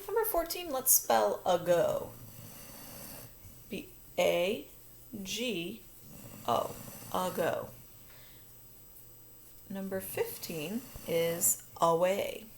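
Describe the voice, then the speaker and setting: A woman teaches a phonics lesson, explaining each step patiently for her video. Her voice is a little low and gravelly. A faint hum sits behind her. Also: very animated, slow pace, pauses often. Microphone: recording her own video lesson.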